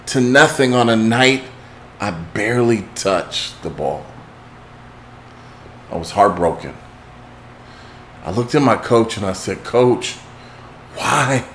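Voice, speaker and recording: A man hosting a motivational talk, telling a dramatic story that swings from hushed intensity to shouting. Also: lowish voice, slight background noise. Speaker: host.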